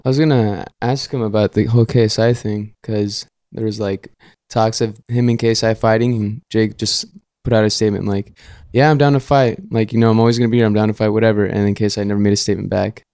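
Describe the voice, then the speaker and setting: A man's voice: on the low side, flat delivery, fast talker, hardly any pauses, a little mellow, dry recording. A man co-hosting a podcast, chatting casually and ribbing the host with dry remarks. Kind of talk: casual chat.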